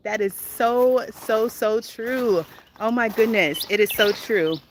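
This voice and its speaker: A woman's voice: a little high, takes it slowly, background noise. A woman in her thirties hosting a spontaneous live chat from her home garden outdoors, bubbly, laughing often and greeting viewers as they join. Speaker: gardening livestream host. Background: birdsong.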